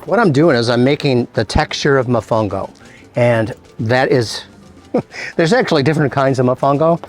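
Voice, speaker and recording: A man at a middle pitch hosts a cooking demonstration as a chef. He explains each step in a relaxed, conversational way and drops in playful little asides. Faint music plays quietly behind him. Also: normal speed. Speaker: chef and show host.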